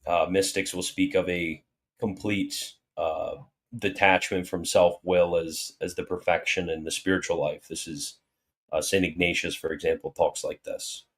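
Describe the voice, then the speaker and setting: A man's voice: low-pitched, flat delivery, unhurried, fairly bright tone. A man hosting a casual livestream Q&A, reading viewer questions aloud and answering them with jokey mock alarm and then earnest explanation. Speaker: livestream host answering super chats.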